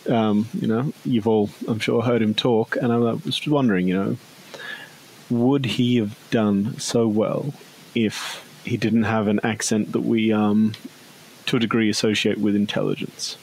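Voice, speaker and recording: Gravelly low Australian man musing. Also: fairly even intonation, unhurried, a little mellow, a little hiss or hum, poor audio. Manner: musing, trails off with many fillers. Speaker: podcast co-host. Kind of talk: casual discussion.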